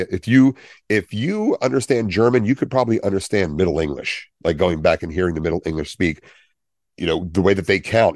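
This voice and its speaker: A man's voice: low-pitched, a little mellow, no room sound, studio quality. A man in his fifties, co-hosting a podcast, chatting casually and jokily, wandering off on side notes. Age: 50s. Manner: chatty, jokey, tangents. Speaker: podcast co-host. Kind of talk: casual chat.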